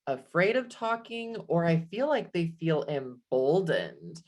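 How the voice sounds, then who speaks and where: A woman's voice: on the low side, sing-song, measured pace, a little mellow. A woman hosting a podcast conversation, talking in an earnest, thoughtful way and drawing out key words. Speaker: podcast host. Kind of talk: casual conversation.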